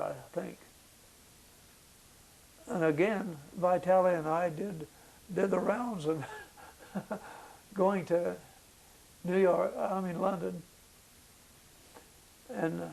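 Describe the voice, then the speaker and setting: This veteran interviewee is an older man whose voice is gravelly and sits high for a man, with a slightly mellow quality. He remembers haltingly and slowly, filling pauses with uh's and starting over, and the audio is poor.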